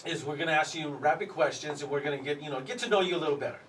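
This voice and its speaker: A man's voice: a little high, very fast, fairly bright tone, recorded from a distance, slight background noise, poor audio. A man hosting a morning radio interview, upbeat, laughing often and saying "there you go". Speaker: radio host.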